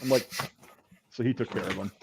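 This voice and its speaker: A man telling profane army stories in casual chat, acting out the yelling. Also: mid-range voice, brisk, crowd noise. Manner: profane, animated storytelling, acts out yelling. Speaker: podcast host, veteran telling army stories.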